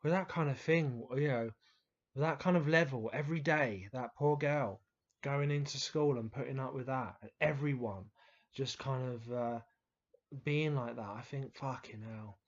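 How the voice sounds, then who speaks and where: A man's voice: medium pitch, normal speed, muffled recording. A man telling childhood stories to camera in a casual, rambling way, with frequent restarts, fillers and the odd swear word. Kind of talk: casual storytelling monologue.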